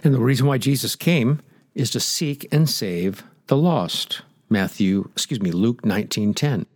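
A man's voice: medium pitch, lively intonation, a little slow, a little mellow, no room sound, clean studio sound. A man preaching a sermon, stressing his points and asking the listeners direct questions. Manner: emphatic, rhetorical questions to listeners.

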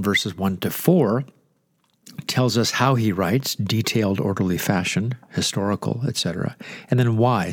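A man's voice: fairly low pitch, slightly rough, dry recording. An older man with a nasal, congested voice from inflamed sinuses, teaching the Bible on the radio in a chatty way with joking asides. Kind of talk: conversational radio sermon.

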